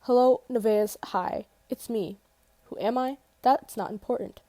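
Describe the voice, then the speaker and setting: A woman's voice: a little high, unhurried, warm tone, no room sound, close to an everyday voice. A woman reading out the messages of a mysterious, grandiose anonymous texter in a mock-grand way. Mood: taunting.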